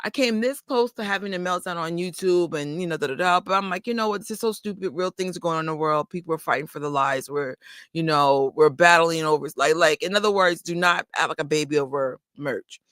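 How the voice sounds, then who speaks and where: A woman's voice: low-pitched, brisk, a bit bright, dry recording, studio quality. A woman vlogger from New York chatting casually to her viewers, telling rambling stories full of fillers and asides. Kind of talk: casual livestream chat. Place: indoors under a bright light.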